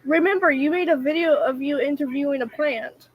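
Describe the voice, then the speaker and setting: A woman's voice: sits high, brisk, lo-fi sound. A young woman in a casual role-play chat with an AI character, giggly and chatty, saying like and bestie.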